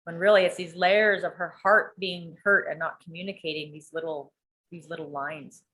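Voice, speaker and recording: Woman, low-ish bright forceful voice, candid animated storyteller, swears. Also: moderate pace. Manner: animated, swears freely, acts out quotes. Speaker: coaching client sharing a story.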